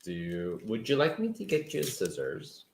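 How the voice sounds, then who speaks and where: A man co-hosting a live cooking stream from a home kitchen, joking around in relaxed, playful chat. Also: on the low side, normal speed, roomy sound, slight background noise. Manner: playful and animated, jokes along. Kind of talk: casual chat.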